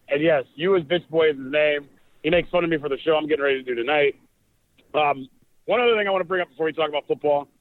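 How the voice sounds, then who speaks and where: Slightly high-voiced man on a tinny line. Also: no room sound. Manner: rambling, conversational, jokey asides. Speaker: podcast co-host. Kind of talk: casual chat. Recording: dry, tinny phone-like line.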